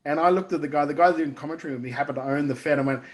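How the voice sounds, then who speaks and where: A laid-back Australian man hosts a casual podcast chat, telling his own story in an easy tone. His voice sits a little higher than most men's. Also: rapid-fire. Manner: laid-back, chiming in with short backchannels and laughs. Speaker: podcast host.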